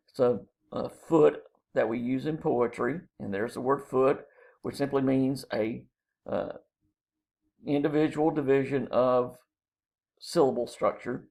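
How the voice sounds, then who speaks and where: A man, a college English instructor, explaining literary terms in a lecture, pausing often with ums and uhs. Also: medium pitch, vocal fry, darkish tone.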